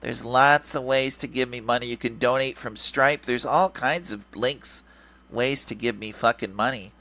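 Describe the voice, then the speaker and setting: Using a mid-range, bright and forceful voice at a moderate pace, a man mimics a whiny, greedy male grifter forever begging for cash. The impression is nasal, mocking, sing-song and repetitive.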